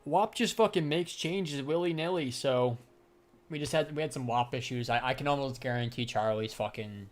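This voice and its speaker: With a medium-pitched voice at a moderate pace, a young adult man streams live about trading as a crypto trader. He answers viewers in a casual, slangy, profane way and laughs a lot.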